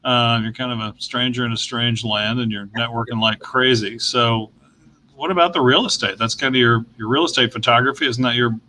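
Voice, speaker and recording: Bright-voiced male interview host. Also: medium pitch, fairly even intonation, a little fast, a little hiss or hum, poor audio. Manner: encouraging, frequent short affirmations. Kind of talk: casual interview.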